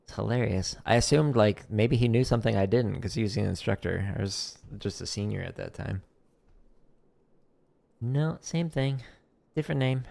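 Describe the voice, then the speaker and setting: Male drum teacher, casual stream talk, low voice with some fry, deadpan wit. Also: normal speed. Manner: dry, deadpan sarcastic humor; relaxed, chatty explaining. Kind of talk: casual practice-stream instruction.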